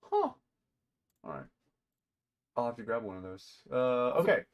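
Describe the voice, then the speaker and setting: A man's voice: medium pitch, huge pitch swings, unhurried, highs cut off. A man running a tabletop game as game master, chatty and often laughing as he narrates.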